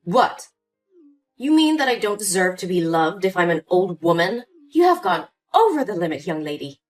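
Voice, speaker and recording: A woman's voice: fairly low pitch, big pitch swings, normal speed, soft background music, pitched below the performer's own voice. A woman voicing a scheming, manipulative older mother in a dramatized story, sweet on the surface and cold underneath. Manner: sweet at first, then cold and dismissive. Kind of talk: scripted story voice acting.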